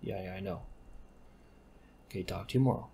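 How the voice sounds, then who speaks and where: Low gravelly man rambling over gameplay. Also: fairly quick, slight background noise. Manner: rambling, self-correcting, deadpan asides. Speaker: gaming commentator. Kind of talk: casual gameplay commentary.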